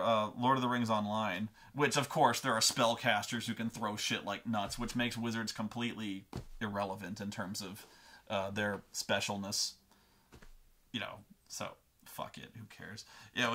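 A man's voice: mid-range voice, pushed and bright. A man hosting a show, telling a long, profane, rambling rant full of tangents. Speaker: host. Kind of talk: comedic rant.

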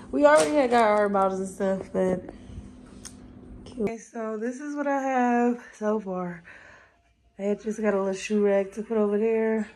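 A woman's voice: mid-range voice, vocal fry. Chatty woman vlogger with faint noise. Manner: chatty, talks to viewers as y'all. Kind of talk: casual chat.

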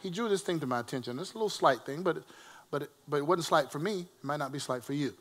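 A man preaching a sermon to a responding congregation, swinging between loud, emphatic calls and quiet storytelling. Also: a little high, animated, quick pace.

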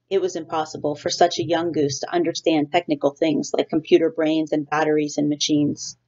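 A woman teacher reading a children's novel aloud to her class in a steady storytelling way. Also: low-pitched, brisk, few pauses. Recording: dull lo-fi recording.

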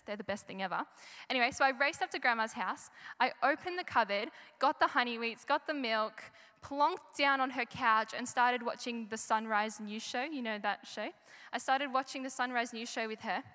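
A young woman gives a chatty children's talk during a church service in a large hall, asking the audience questions. Her voice is on the high side, bright and forceful, fairly quick with barely any pauses, and the live recording has long reverb.

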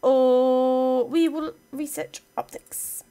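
Chatting away as she plays, a young woman gives casual let's-play commentary and talks to her game pieces. Her voice is pitched a little higher than most women's, and she speaks very slowly in a steady, mellow tone.

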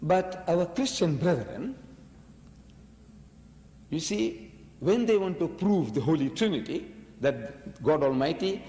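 A man's voice: on the high side, a little mellow, big-room sound. A man giving a religious lecture, arguing emphatically with rhetorical questions. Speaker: preacher.

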